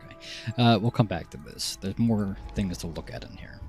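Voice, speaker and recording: A man's voice: on the low side, moderate pace, hardly any pauses, darkish tone, soft background music. A man streaming a game, reading its descriptions aloud and thinking to himself. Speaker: streamer reading a game's text. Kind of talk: casual gameplay narration.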